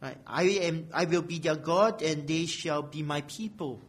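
In a small church room, a man with a fairly high voice preaches an expository sermon a little slowly. He keeps asking "right?" and swells on key phrases, giving his delivery a questioning feel.

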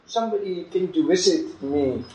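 A man voicing a pleading unfaithful wife in a sermon, apologetic and quiet. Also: high voice, normal speed, reverberant, recorded from a distance, lightly acted, poor audio.

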